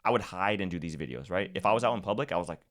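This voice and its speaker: A podcast guest from California's Central Valley talks casually and at length in a deep, bright voice that races along animatedly. He's talkative, often restarting and repeating words.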